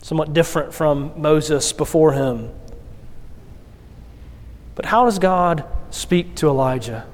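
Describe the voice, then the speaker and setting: Pastor, male, high-pitched, unhurried sermon delivery with acted-out quotes, long church reverb. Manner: expressive storytelling with acted quotes.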